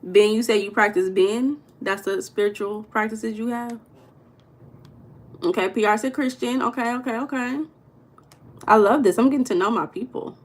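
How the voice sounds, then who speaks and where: A woman's voice: on the high side, moderate pace. A young woman hosting a casual livestream, talking loosely and greeting viewers in the chat by name. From United States. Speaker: livestream host.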